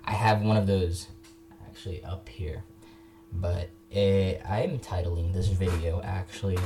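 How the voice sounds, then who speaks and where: A young man with a deep, steady voice talks casually and unscripted about history in a video. He speaks a little slowly, rambling, restarting sentences and correcting himself.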